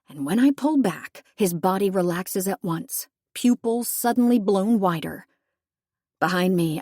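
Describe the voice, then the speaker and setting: A woman's voice: mid-range voice, a little mellow, no echo, studio quality. A young woman reading a first-person audiobook, telling the story in a wry, conversational way. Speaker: audiobook narrator.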